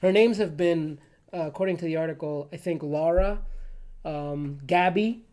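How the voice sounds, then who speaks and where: A man hosting a podcast, telling stories in a casual, animated way. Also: a little high, moderate pace. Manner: animated storytelling, laughs often. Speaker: podcast host.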